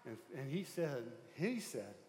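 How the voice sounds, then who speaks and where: A man who is a pastor, telling a story in a sermon, swinging between loud excitement and hushed tones. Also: mid-range voice, measured pace, reverberant, big-room sound, a little hiss or hum. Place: church sanctuary.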